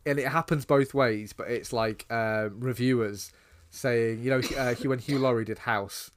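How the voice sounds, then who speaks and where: A man's voice: mid-range voice, fairly even intonation, unhurried. A man co-hosting a podcast, talking casually about a movie in a dry, sarcastic way, with many ums. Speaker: podcast co-host. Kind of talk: casual movie review chat.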